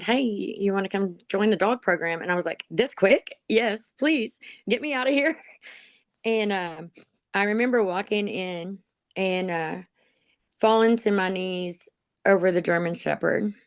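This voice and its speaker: This woman speaks on the low side in a steady tone and measured pace, with no room sound, as she's interviewed. A graduate of a dog program, she gives a personal testimony, telling her life story in an emotional, rambling way with many ums and self-directed laughs.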